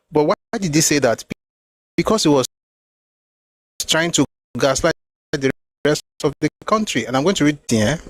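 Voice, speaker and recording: This man hosts a talk show, reading passages from a book and explaining them with emphatic repetition. His pitch sits on the high side, and the low-quality recording has no echo.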